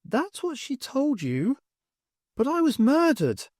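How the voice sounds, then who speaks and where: A man voicing a small possessed boy who speaks as his dead sister, calm and accusing, in an audiobook. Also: very high-pitched, a little slow, dry recording, clean studio sound, voice pushed up, full character voice. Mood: eerie.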